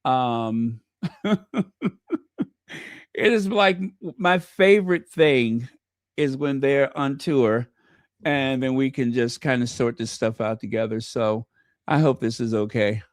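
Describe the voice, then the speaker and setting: Speaking slowly with long pauses in a mid-range voice, this man offers chatty, gushing royal news commentary on video. He addresses viewers directly and fills his talk with fillers and self-corrections, and the studio-quality audio has no room sound.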